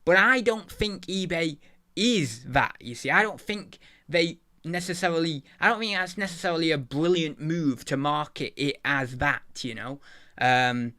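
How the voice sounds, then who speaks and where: Brief: male host, chatty and meandering, a touch high-pitched. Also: a little slow, pushed and bright. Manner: rambling, loses his thread, mild swearing. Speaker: channel host, eBay reseller. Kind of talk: casual rambling chat.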